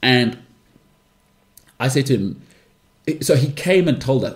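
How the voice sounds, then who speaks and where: A man's voice: mid-range voice, animated, measured pace, long pauses. A man hosting a casual solo podcast, talking in a chatty, rambling way and acting out imagined people. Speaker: podcast host.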